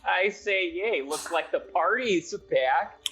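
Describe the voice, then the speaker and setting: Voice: medium pitch, lively intonation, takes it slowly, a bit bright, husky, low-quality recording. Easygoing, folksy tabletop player. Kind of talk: casual tabletop role-play.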